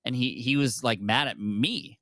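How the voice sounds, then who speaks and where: A man as a podcast guest, telling a personal story openly and candidly, with quick restarts. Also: mid-range voice, a bit bright, no room sound, studio quality. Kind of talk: casual interview storytelling.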